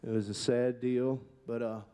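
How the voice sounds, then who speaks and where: A man's voice: mid-range voice, level tone, moderate pace, dark tone, clean tone. A middle-aged man, a monster truck driver, telling candid, heartfelt stories in an award acceptance speech.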